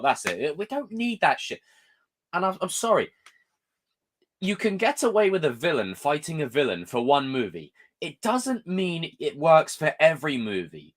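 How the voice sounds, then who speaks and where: A man's voice: a little high, fairly bright tone. A man, hosting a live stream and ranting in a casual, exasperated way, swearing often.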